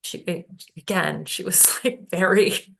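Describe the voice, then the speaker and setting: A woman holistic healing practitioner, telling stories in a casual podcast conversation, unhurried and halting with many fillers. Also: lowish voice, creaky, a little hiss or hum.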